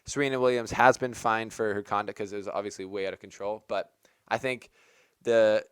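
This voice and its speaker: Chatty low-voiced man giving his take. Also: steady tone, a little fast, a bit bright, smooth, no room sound, studio quality. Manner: chatty, rambling, heavy use of "like". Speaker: tennis channel host. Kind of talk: casual opinion commentary.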